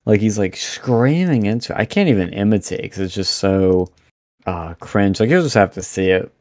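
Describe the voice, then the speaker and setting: A young man talking as a podcast guest, animated and blunt, rambling with lots of fillers over a remote mic. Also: low-pitched, moderate pace, no echo, studio quality. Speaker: podcast guest, campus event organizer. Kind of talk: casual podcast interview.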